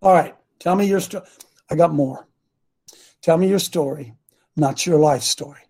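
A man's voice: fairly high pitch, normal speed, dark tone. A man preaching informally to a congregation, blunt and combative, mocking his critics and throwing asides to the room.

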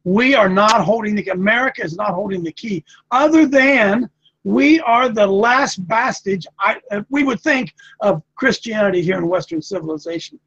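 A man's voice: high-pitched, normal speed, a bit bright, dull audio. A man in his sixties preaching a sermon in a folksy, repetitive, emphatic way. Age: 60s.

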